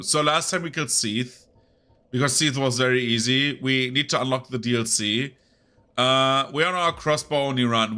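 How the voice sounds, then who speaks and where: A man chatting loosely to his stream audience while he plays, his voice nasal and a bit rough because he is sick. His tone is bright and forward, at a middle pitch for a man. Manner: rambling and chatty, talking over gameplay. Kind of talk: casual live-stream chat while gaming.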